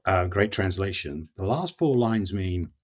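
Husky older man discussing poetry. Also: deep voice. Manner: expressive, reads verse aloud slowly and dramatically. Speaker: author and guest. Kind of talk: passionate literary discussion.

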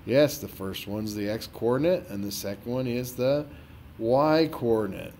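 A man's voice: medium pitch, moderate pace, dark tone, a little hiss or hum. Exasperated, sarcastic male math teacher. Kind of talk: dramatized tutoring walkthrough.

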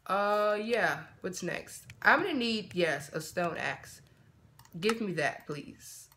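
A man talks his way through a game in an easygoing let's-play ramble, muttering to himself and bursting out when something catches his eye. His voice is bright and forceful. A soft hiss and the odd mouse click sit under the recording from his home setup. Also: high voice. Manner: chatty self-talk, quick excited outbursts. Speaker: gaming channel host. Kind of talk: casual let's-play commentary.

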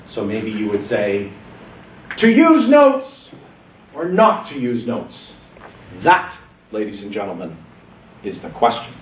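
Guy giving speech feedback at a lectern, lowish voice, kinda far off in an echoey room with faint hiss. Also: a little mellow. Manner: encouraging, measured, with deliberate pauses. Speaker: speech evaluator at a speaking club meeting. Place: meeting room, speaking at a lectern. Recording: roomy, distant, faint background hiss.

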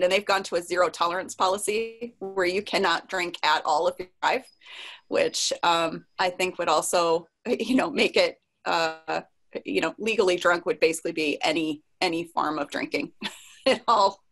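A woman's voice: fairly low pitch, normal speed, a bit bright. A woman chatting casually in a web conference discussion, full of likes and restarts.

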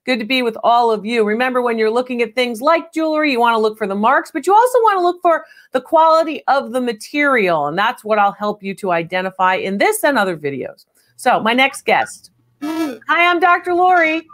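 A woman hosting a live call-in appraisal stream, talking in a brisk, chatty, direct way. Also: a little high, lively intonation, a bit bright. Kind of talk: unscripted live appraisal chat.

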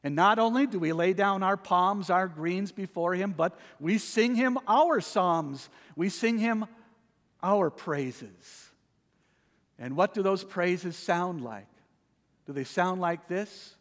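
Male pastor, unhurried sermon delivery with dramatic soft-to-loud swings, reverberant sanctuary. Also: high voice. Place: church sanctuary.

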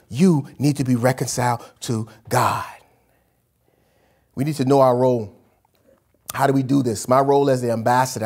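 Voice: mid-range voice, slightly rough. A pastor preaching a sermon in a casual, colloquial way, emphatic, repeating key phrases and answering their own questions.

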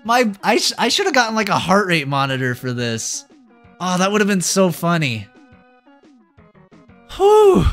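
A young man giving excitable live commentary as a streamer, yelping and groaning at the game. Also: sits high, moderate pace, faint music behind. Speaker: VTuber streamer.

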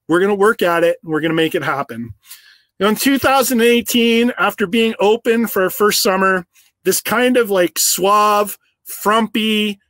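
A man who owns a business, delivering a prepared, earnest storytelling speech with slow, emphatic phrases. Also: sits high, a bit bright, no echo. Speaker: business owner giving an awards speech.

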